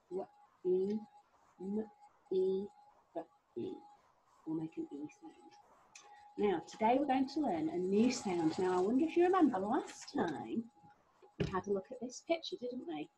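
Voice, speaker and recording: A middle-aged woman teaching a phonics lesson to young children, sounding out letters slowly with a sing-song, encouraging manner. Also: medium pitch, mellow, slight background noise, poor audio. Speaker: primary school teacher.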